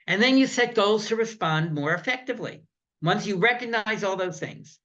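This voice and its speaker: Male workshop presenter for caregivers, conversational, comic-strip examples; high, bright voice, slightly muffled recording. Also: moderate pace. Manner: relaxed, conversational delivery.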